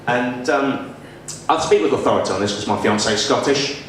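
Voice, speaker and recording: Young northern English stand-up, animated delivery, distant booming club recording, audience noise. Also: male voice, moderate pace, very echoey. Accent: generic northern English. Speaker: stand-up comedian. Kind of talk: stand-up set. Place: small comedy club stage. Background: audience laughter and room noise.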